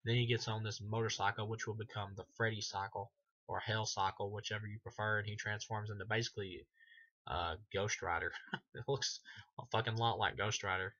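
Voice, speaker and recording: Casting: low, bright-edged male reviewer, loose and rambling, cursing a lot, dull lo-fi mic. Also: level tone, brisk. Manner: rambling, heavy filler words, frequent swearing. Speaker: film reviewer. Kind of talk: casual profane film review monologue.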